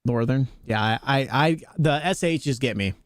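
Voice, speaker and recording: A young adult man streams a game and chats with his live chat in a laid-back, jokey way, his pitch jumping playfully on the jokes. He talks at a normal speed in a dry, clean studio recording.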